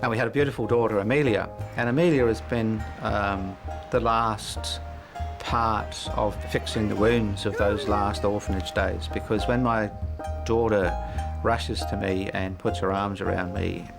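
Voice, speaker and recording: Gravelly low-voiced man telling his story. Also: fairly even intonation, unhurried, music in the background. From New Zealand. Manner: gravelly, hesitant with many fillers, chuckles often. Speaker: interview guest. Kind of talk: reflective personal storytelling.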